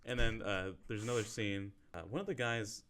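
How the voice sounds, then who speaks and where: Low-voiced man, rambling casual talk. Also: fairly even intonation, fairly bright tone, slight background noise. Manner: rambling, halting retelling with many fillers. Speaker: podcast co-host. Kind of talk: casual chat.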